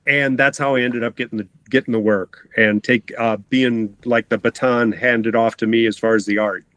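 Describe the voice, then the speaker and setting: A man's voice: medium pitch, steady tone, normal speed, a bit bright, no echo. A middle-aged man talking as a cartoonist guest in a casual interview, rambling, often breaking off mid-sentence and laughing. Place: home basement.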